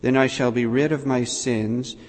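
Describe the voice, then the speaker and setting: A man reading the lines of an elderly male saint who pleads tenderly with a child, in a voice a little louder than his own, with long hall reverb. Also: mid-range voice, steady tone, a little slow, close to an everyday voice. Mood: pleading.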